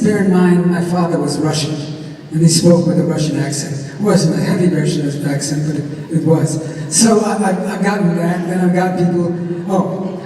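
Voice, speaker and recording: An older man, a guest on a convention panel, telling anecdotes in an animated, emphatic way. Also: high voice. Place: large convention hall. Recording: echoey hall, distant mic.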